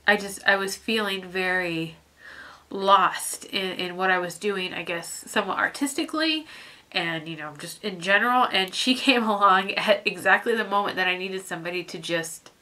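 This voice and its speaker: A young woman with a bright, clear voice talks straight to her viewers in a personal vlog. She is teary and keeps trying not to cry, and her sentences stop, restart and trail off. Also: mid-range voice. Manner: halting, heartfelt, many restarts and fillers. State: teary, fighting back tears. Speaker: vlogger.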